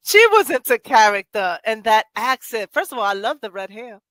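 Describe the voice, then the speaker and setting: A woman hosting a poetry show, gushing excitedly and laughing often in casual chat. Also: a little high, moderate pace, few pauses, dry recording. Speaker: host.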